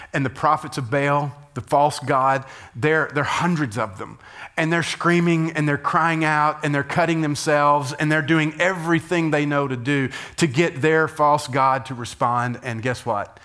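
A man, a pastor, preaching a sermon and telling a scripture story with lively emphasis, rising loud at key moments and dropping to quiet asides. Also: mid-range voice, moderate pace.

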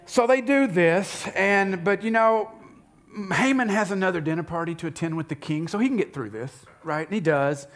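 A pastor giving a sermon, retelling a story in an animated, conversational way with asides to the congregation. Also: male voice, high voice, normal speed.

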